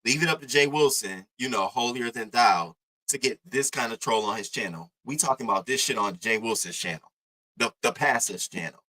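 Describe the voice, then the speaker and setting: A young man from Baltimore giving profane, animated drama commentary, acting out what others said. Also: brisk, rough recording. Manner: profane, animated, reenacts others in pitched-up voices. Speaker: commentary livestreamer.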